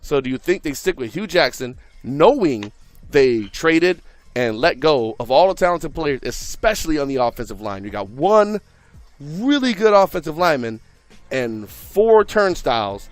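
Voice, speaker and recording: A man's voice: on the high side, sing-song, normal speed, dry recording. Easygoing man joking about football. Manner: laid-back, joking, slangy. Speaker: co-host. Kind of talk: casual sports talk.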